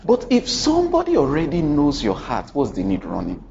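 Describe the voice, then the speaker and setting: A man preaches a sermon, his voice leaping up and down in pitch as he tells a story. He keeps turning to the congregation with questions and repeated lines. The recording is dull and lo-fi, with faint ambience underneath. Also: huge pitch swings, moderate pace, creaky, slight background noise. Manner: dramatic storytelling with sudden swings in pitch and loudness; addresses the congregation directly with questions and repetition.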